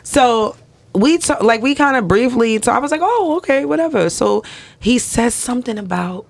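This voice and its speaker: A young woman co-hosting a podcast, telling stories in a lively, profane, casual way. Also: fairly high pitch, moderate pace. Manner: animated, profane storytelling. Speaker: podcast co-host. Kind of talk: casual chat.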